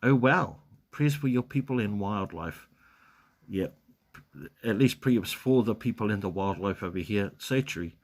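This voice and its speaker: A man with a New Zealand accent chatting on a live stream, his voice sitting fairly low. He reads out viewer comments and answers them loosely, with lots of ums, restarts and easy chuckles. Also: lively intonation, unhurried. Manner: rambling, many fillers and restarts, chuckles often. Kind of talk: casual live stream chat reading comments.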